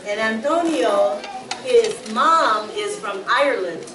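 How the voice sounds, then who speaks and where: Animated woman storyteller for a children's audience, high voice, echoey room, mic far off. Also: takes it slowly, crowd noise. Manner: animated, asks the audience to call out answers. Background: audience of children responding.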